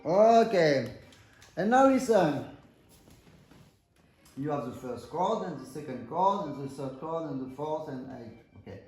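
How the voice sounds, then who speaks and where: A man's voice: on the high side, lively intonation, unhurried, pauses often, darkish tone. A man from France with a French accent, coaching an accordion student in a master class and counting and singing rhythms aloud. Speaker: accordion teacher. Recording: echoey room with accordion playing. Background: accordion music.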